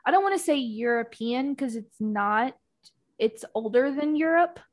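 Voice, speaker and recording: A young woman with a slightly high voice, co-hosting a relaxed podcast chat. She talks thoughtfully and keeps pausing mid-sentence to hunt for the right word. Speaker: podcast co-host. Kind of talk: casual chat.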